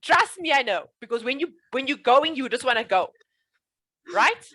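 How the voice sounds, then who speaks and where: A woman's voice: high-pitched, sing-song, normal speed, bright, forceful tone, slight background noise. Reassuring woman speech coach. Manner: earnest, reassuring, repeats promises. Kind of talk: one-on-one coaching session.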